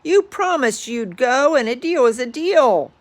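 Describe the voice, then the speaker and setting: A woman's voice: high voice, lively intonation, a little slow, voice pushed up. A woman voicing a bossy, scheming male bug who snaps commands and gloats.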